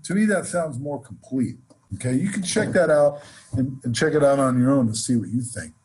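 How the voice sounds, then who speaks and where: A man teaching a jazz lesson, explaining scales in a relaxed way and counting off examples. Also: medium pitch, moderate pace, soft background music. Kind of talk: instructional lesson with playing examples.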